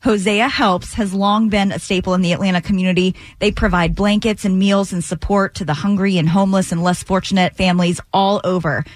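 A woman reading community news on a morning radio show, steady and informative. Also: mid-range voice, a little fast, hardly any pauses, no echo. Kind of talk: scripted news read.

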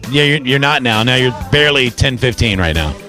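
A man's voice: medium pitch, lively intonation, brisk, bright, forceful tone, faint music behind. A man hosting a radio show, bantering and reading odd news stories in a loose, teasing way. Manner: joking, teasing, reads news items loosely. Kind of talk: casual morning radio banter.

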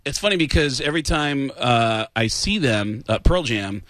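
A man in his forties tells stories as a comedy guest on a talk show, jumping into voices for the people in them. His pitch is mid-range for a man. The studio sound is close and dry. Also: normal speed, no echo. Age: 40s. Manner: animated storyteller who slips into character voices. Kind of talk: casual interview storytelling.

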